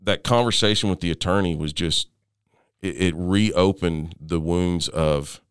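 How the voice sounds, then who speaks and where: Middle-aged man as interview guest, smooth resonant low voice, dry close sound, halting delivery with restarts. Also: no room sound. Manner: halting, with frequent restarts and fillers. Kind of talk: personal storytelling in conversation.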